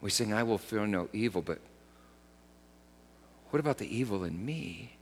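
A man preaching a sermon, swinging from loud, raised lines to hushed, dropped ones. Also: lowish voice, lively intonation, normal speed, slight background noise. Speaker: pastor. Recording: long hall reverb.

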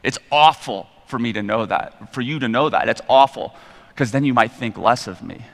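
A man's voice: mid-range voice, normal speed, vocal fry. A middle-aged man giving a candid, rambling personal testimony from the stage, a bit self-deprecating. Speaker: guest speaker at church. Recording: long reverb in a large hall.

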